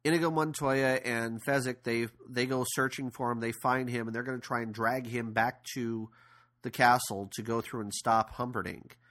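Podcast co-host, male, bright forceful tone, rambling casual film recap. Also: mid-range voice, steady tone, normal speed. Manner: rambling retelling with fillers. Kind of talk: casual movie discussion.

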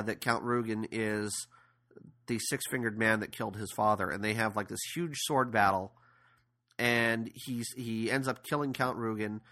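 A man's voice: mid-range voice, pushed and bright. A man casually recapping a movie plot as podcast co-host, rambling with fillers and restarts.

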